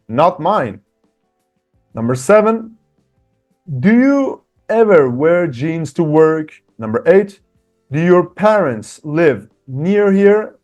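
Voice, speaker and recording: In an online English lesson, a man reads example sentences slowly and clearly, speaking directly and encouragingly to his viewers. His voice is on the high side with a darkish tone.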